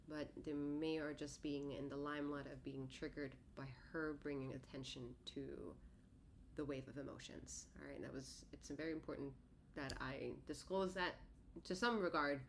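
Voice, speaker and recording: A woman with a notably low speaking voice gives a solo tarot reading, talking in a loose, conversational way. She often stops to correct herself, and her words come out slightly lisped and slurred. A faint hiss of noise sits under her voice. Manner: rambling, self-correcting, conversational. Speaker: tarot reader and healer.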